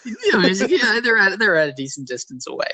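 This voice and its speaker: A man's voice: sits high, big pitch swings, a little fast, bright, forceful tone, no echo. A man co-hosting a casual podcast, talking in a rambling, self-deprecating way. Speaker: podcast co-host.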